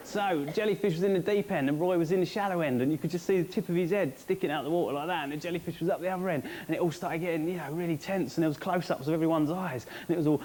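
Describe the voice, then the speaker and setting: A comedian spins a surreal tale in a rambling, animated way, his voice sitting high for a man. He talks into a handheld stage mic, and a steady hiss runs underneath. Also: fast. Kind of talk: surreal stand-up storytelling.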